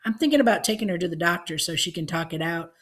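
Woman doing a tough old grandma, deadpan and blunt, kinda low. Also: fast talker. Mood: dry. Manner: dry, blunt, unbothered. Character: tough, dry-witted old country grandma.

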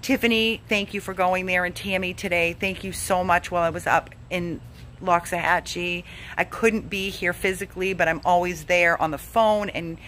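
A woman's voice: fairly low pitch, a bit bright, slight background noise. A woman who heads an animal rescue, making an urgent, emotionally drained donation appeal and pleading over and over. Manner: pleading, repeats herself, begging.

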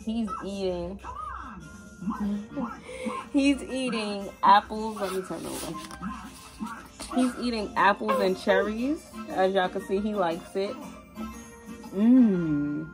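A young woman and mother chatting casually in a vlog at home, relaxed and chatty with lots of fillers. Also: medium pitch, slow pace, pauses often, music in the background. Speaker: vlogger, mother. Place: home, indoors.

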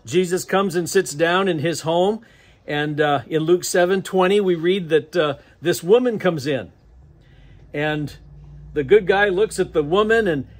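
A man's voice: high voice, measured pace. A man with an American accent preaching a sermon as pastor, conversational and often chuckling between phrases. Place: church sanctuary.

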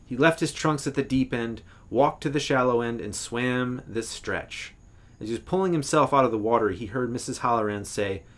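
A man, an English professor, reading a literary short story aloud in a measured, expressive way, now and then correcting himself. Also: medium pitch.

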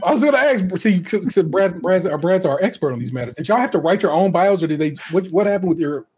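An American man hosting a podcast in casual chat, reading contestant bios aloud with chatty, animated asides and frequent laughter. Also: high-pitched, fast. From United States. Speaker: podcast host.

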